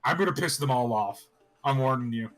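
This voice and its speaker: A man's voice: medium pitch, brisk, a bit bright. A man co-hosting a casual gaming podcast, playful and eager to stir things up. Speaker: podcast co-host.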